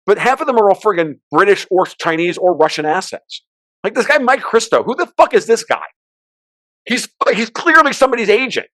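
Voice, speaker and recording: A man with a high-pitched voice rants through political and market commentary as a podcast guest. He talks fast and swears freely, breaking into sudden loud outbursts. The sound is dry and close. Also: big pitch swings, no echo. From United States.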